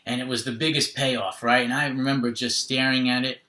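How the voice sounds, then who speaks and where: A man's voice: mid-range voice, little pitch movement, brisk, pushed and bright, roomy sound. A man telling a personal story in an earnest, conversational way, often adding "literally" and "right?".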